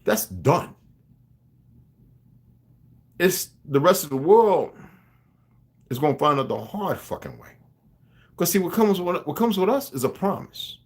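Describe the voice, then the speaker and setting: Profane, animated man ranting on a livestream. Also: a little high, measured pace, long pauses. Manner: profane, emphatic, rambling; greets chat viewers by name. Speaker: livestreamer talking to viewers. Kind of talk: unscripted livestream rant.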